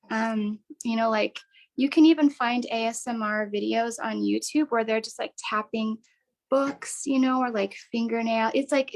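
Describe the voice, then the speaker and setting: Upbeat woman leading a craft workshop online, bit of a high voice, gravelly fry, super chatty. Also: rough recording. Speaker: workshop host.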